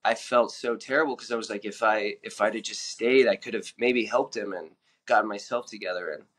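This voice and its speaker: On a podcast, a male guest candidly tells the story of his recovery and past in a fairly low, fairly bright voice, speaking a little fast. His plain-spoken telling is full of fillers and restarts.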